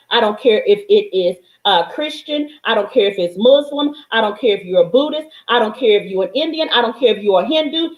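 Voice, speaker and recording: A woman's voice: sits high, echoey room, rough recording. A woman hosting a spiritual live stream, preaching in a blunt, profane, fiery style and greeting viewers by name. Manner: blunt and profane, calls out listeners.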